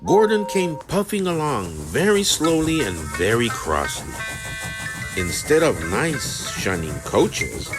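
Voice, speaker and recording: A man narrating a children's train storybook in a slow, expressive reading. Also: mid-range voice. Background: background music.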